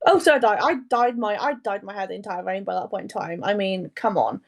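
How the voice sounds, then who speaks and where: A young true crime podcast co-host speaks quickly in a gravelly, medium-pitched voice. She meanders as she talks and keeps cutting into her own story.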